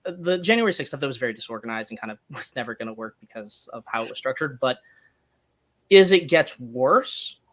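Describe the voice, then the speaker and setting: A man's voice: medium pitch, lively intonation, brisk, a bit bright. A man talking as a guest in a casual interview, thinking aloud with restarts and small laughs. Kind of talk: casual conversation.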